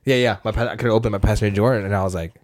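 A man's voice: fairly low pitch, steady tone, racing, a little mellow, dry recording, clean studio sound. A young man co-hosting a podcast, telling a long story in a rambling, casual way, swearing and acting out the people he quotes. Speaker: podcast co-host.

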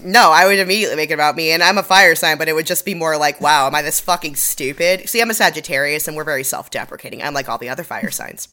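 A young woman with a low-pitched but bright, forceful voice chats through an episode recap. She talks casually, laughs often and pokes fun at herself. Her delivery is loose and conversational. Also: racing, hardly any pauses. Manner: chatty, laughs often, self-deprecating. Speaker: podcast co-host.

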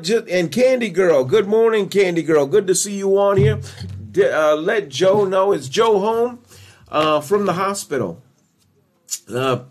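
A man preaching a fervent live-streamed morning devotional, shouting hallelujahs and greeting viewers by name. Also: fairly high pitch.

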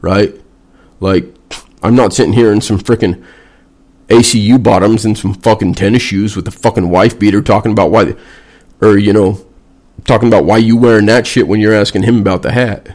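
A man's voice: lowish voice, steady tone, brisk, a little mellow. A man, a veteran vlogger, delivering a blunt, sarcastic and heavily profane casual rant.

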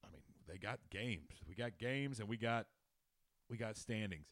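A man with a fairly low voice hosts a loose, casual sports podcast. He rambles, swears freely and breaks into laughter. The sound is dry and close to the mic. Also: expressive, moderate pace, fairly bright tone, no room sound. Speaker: podcast host.

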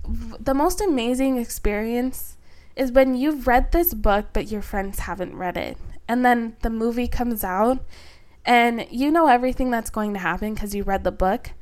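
A woman's voice: fairly high pitch, unhurried, a little mellow. A young woman vlogger chatting loosely about books, rambling with lots of fillers and asides. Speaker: book vlogger. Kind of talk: casual book tag chat.

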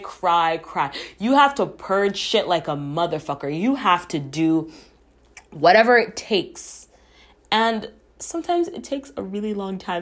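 A young woman talks through a personal subject on her own podcast. Her voice sits a bit low, and she takes her time. She is earnest and reflective, drops casual swearing, and is emotional at times. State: emotional, near tears at times. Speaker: podcast host.

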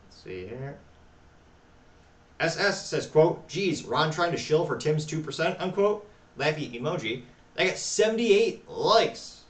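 A man hosting a talk show, reading social media replies aloud with wry, deadpan asides. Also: fairly high pitch, a little slow, echoey room, recorded from a distance. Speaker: podcast host.

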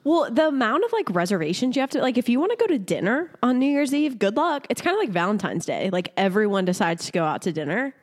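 A woman's voice: mid-range voice, very animated, quick pace, few pauses. A woman co-hosting a podcast in casual chat, blunt and sarcastic, laughing often. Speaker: podcast co-host.

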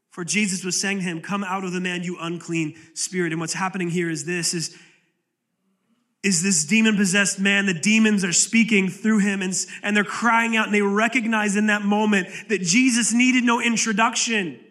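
A man preaching a sermon as pastor, passionate and dramatic, dropping to low, quiet lines for emphasis and acting out quoted pleas. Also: fairly even intonation, moderate pace. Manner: impassioned preaching with sudden drops to low, quiet delivery; acts out quoted pleas with rising intensity. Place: church sanctuary.

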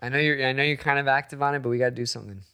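A man's voice: medium pitch, steady tone, very fast, sharp tone, clear, resonant tone. A man hosting a casual podcast chat, joking crudely with his guest. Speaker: podcast host.

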